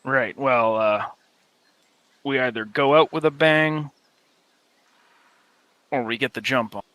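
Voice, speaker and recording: A man voicing a wary adult male woodsman companion who talks in a low-key, cautious way, thinking aloud. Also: takes it slowly, fairly bright tone, no echo.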